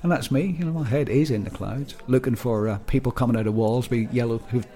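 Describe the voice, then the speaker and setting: A man's voice: medium pitch, fast talker, mellow. A middle-aged man from Northern Ireland with a Belfast accent, rambling and self-deprecating in a casual chat as podcast co-host.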